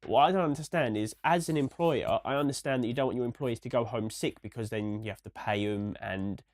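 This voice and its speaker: A young man co-hosting a casual podcast, ranting and rambling with many restarts, a little hoarse from a recent cold. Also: medium pitch, a little fast. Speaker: podcast co-host.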